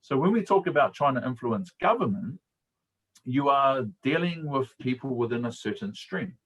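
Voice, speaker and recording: A middle-aged man with a New Zealand accent talks casually on a live stream, mid-pitched and easygoing. He tells stories in a colloquial way and often laughs as he speaks. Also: animated, moderate pace, poor audio. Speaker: guest speaker and coach.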